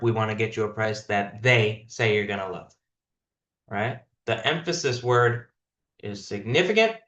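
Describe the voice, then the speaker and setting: A man's voice: mid-range voice, fairly bright tone, roomy sound, highs cut off. A man leading a sales team meeting on a call, coaching his callers directly and repeating key points for emphasis.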